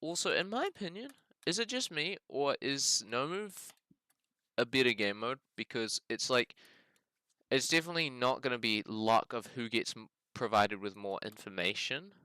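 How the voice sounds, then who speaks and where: A man's voice: mid-range voice, expressive, moderate pace, pushed and bright, no room sound, studio quality. A man with a New Zealand accent doing casual game commentary, thinking aloud as he plays, hedging and musing with frequent use of the word bloody. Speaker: gaming video host.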